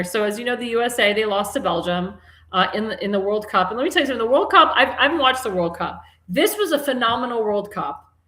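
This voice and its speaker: A woman's voice: fairly high pitch, a bit bright. A woman hosting a live-stream talk show, chatting in a rambling, casual way and laughing at her own jokes. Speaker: host. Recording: echoey room.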